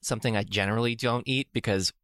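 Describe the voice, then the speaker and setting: A man co-hosting a podcast in casual chat, talking hesitantly with lots of pauses. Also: medium pitch, steady tone, a bit bright, no room sound, clean studio sound. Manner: hesitant, many fillers and restarts. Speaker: podcast co-host.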